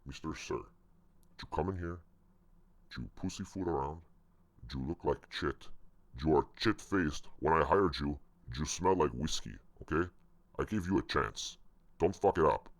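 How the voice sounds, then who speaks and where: A man's voice: rumbling low, normal speed, long pauses, dry recording. A man putting on a blunt accented boss. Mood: scolding. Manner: scolding, blunt. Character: brash foreign-accented male restaurant boss.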